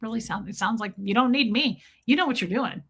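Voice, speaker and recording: A woman with a bright, forceful voice pitched a touch high hosts a casual live stream and chats with her viewers. She talks in an animated way, laughs easily and swears without a second thought. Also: fairly quick, vocal fry, husky. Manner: animated, swears freely, laughs often, acts out quotes. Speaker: live-stream host reading chat.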